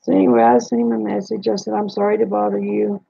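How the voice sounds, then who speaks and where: Woman, gravelly, husky, dark tone, flat delivery, plain-spoken storytelling, dull lo-fi dry recording. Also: mid-range voice, no room sound. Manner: slow, plain-spoken, retells dialogue. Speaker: livestream host. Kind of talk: casual personal storytelling.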